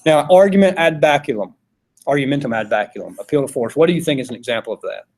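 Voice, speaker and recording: Expressive and fast, with a medium pitch and a touch of mellowness, a man leads a philosophy class. The lecture is casual, and he often asks the students questions.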